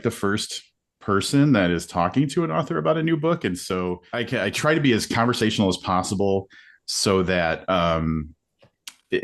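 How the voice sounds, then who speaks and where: A man who hosts a book podcast, explaining his interview approach on a video-call panel in an earnest, conversational way with many fillers. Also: sits low. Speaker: podcast host, panel guest. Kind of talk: casual panel chat. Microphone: video call mic.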